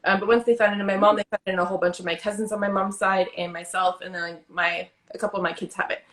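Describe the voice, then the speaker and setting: A woman's voice: mid-range voice, fairly even intonation, quick pace, fairly bright tone. A middle-aged woman co-hosting a podcast in easygoing, giggly casual chat over a video call. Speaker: podcast co-host.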